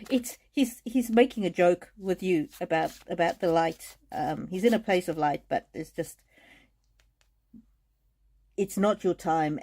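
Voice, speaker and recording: A woman giving a live-streamed oracle card reading, speaking gently and haltingly, moved to emotion and laughing often. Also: lowish voice. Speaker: tarot and oracle card reader. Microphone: streaming mic.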